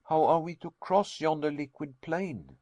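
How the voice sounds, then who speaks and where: An anxious young nephew questions everything in a storybook reading, as a man puts him on. The voice sits higher than the reader's own and stays close and dry. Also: a little slow, a little mellow, no echo, dull audio, lightly acted.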